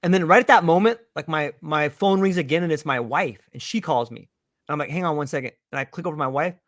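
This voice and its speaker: A man telling a story in a casual chat, lively and acting out the voices of the people in it. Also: fairly high pitch, fast talker, dry recording, clean studio sound. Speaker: panel guest telling a story.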